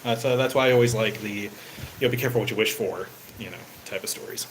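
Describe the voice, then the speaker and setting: A man's voice: on the low side, fast, a little hiss or hum, rough recording. A man hosting his own channel, chatting casually with viewers in a rambling way and leaning on "you know" fillers, livening up as he retells stories. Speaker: channel host. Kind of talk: casual livestream chat.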